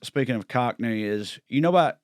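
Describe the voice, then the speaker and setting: A man's voice: medium pitch, animated, brisk, no room sound, clean studio sound. A man with a Southern US accent co-hosting a comedy podcast, laid-back and drawling, cursing casually. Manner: laid-back, drawling asides, swears freely. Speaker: podcast co-host.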